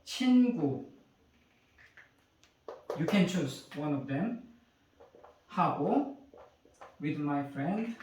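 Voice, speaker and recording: A man's voice: a little high, expressive, slow pace, pauses often, a little mellow, distant mic, slight background noise. A man with a Korean accent, a native Korean speaker teaching a grammar lesson in English, explaining step by step and often checking with "okay?" and "right?". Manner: switches between English and Korean example phrases. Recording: echoey room, voice away from mic.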